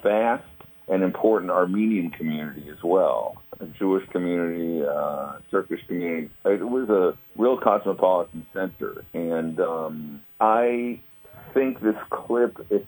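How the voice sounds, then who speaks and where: A man's voice: low voice, measured pace, darkish tone, poor audio. A man speaking as a guest on a radio talk show, explaining things in a thoughtful, conversational way. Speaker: guest commentator.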